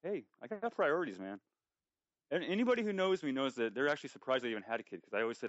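A man chatting on a podcast at a rapid clip, joking and swearing freely. The sound is dull and lo-fi, with no room echo. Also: mid-range voice, very animated. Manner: profane, joking, quick-talking. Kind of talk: casual chat.

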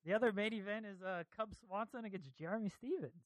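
A man hosting a casual podcast chat, laid-back and quick to laugh. His voice sits a little high, and the recording is dry. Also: no echo. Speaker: podcast host.

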